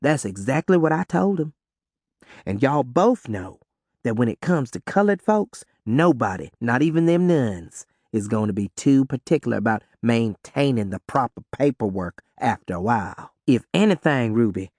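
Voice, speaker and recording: A man voicing a gruff, secretive woman who speaks in a slow, low, clipped dialect. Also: animated, a little mellow, no echo, studio quality. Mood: lecturing. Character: gruff, hard-drinking Southern woman, stern and secretive.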